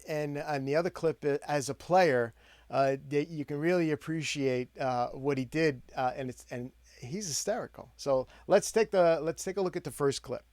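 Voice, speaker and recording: An older man hosting a live interview show, talking in a halting way with many fillers and restarts. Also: fairly high pitch, dry recording, clean studio sound. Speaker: host. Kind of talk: casual interview chat.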